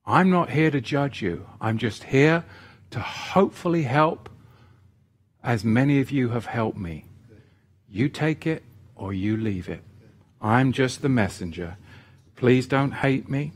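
A male Bible teacher speaks in a sermon style, pleading earnestly and coming back to key phrases. His delivery is slow and deliberate. His pitch rises and falls widely as he tells stories. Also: expressive.

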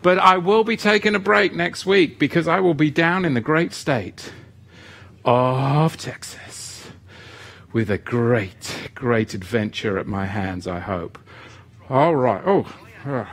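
A man's voice: mid-range voice, expressive, takes it slowly, a bit bright. A man teaching a live-streamed lesson who reads the chat and greets viewers by name, with playful asides. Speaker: livestream teacher.

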